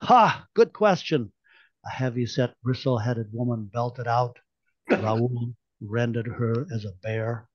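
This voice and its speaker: A man's voice: medium pitch, flat delivery, unhurried, darkish tone, dry recording. A man reading aloud from his own novel with a wry storytelling delivery. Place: home, online event. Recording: dull lo-fi online-call audio.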